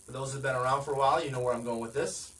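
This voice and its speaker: A man's voice: mid-range voice, fairly even intonation, very fast, a bit bright, far from the mic, poor audio. A man giving a direct, conversational sales training talk, often asking his listeners questions. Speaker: real estate sales coach.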